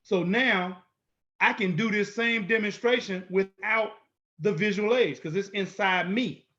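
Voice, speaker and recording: Delivering a lecture-style video walkthrough, the instructor speaks a little slowly in a high voice with a sharp tone. His manner is bold, emphatic and confrontational, with lots of repetition, and the highs in the recording are cut off.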